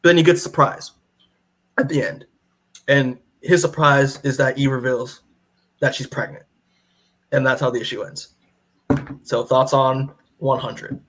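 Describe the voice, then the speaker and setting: A young man co-hosting a podcast, casually retelling a comic story in a rambling way, full of fillers and quick acted-out character lines. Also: mid-range voice, steady tone, fairly bright tone. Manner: rambling, lots of "like" and restarts, acts out characters' lines. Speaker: podcast co-host recapping comics. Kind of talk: casual chat.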